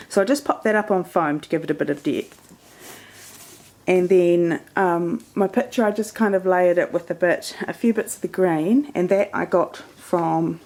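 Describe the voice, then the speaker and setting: A woman talks through her crafting project at a table camera. Her voice sits fairly low, and she rambles in a friendly, loose way with plenty of fillers. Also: a little mellow. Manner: chatty and meandering, many fillers. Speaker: scrapbooking vlogger. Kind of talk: casual crafting show-and-tell.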